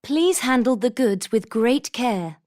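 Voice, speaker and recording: A woman reading vocabulary examples for a textbook in a clear, deliberate manner. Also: a little high, expressive, darkish tone. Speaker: textbook audio reader.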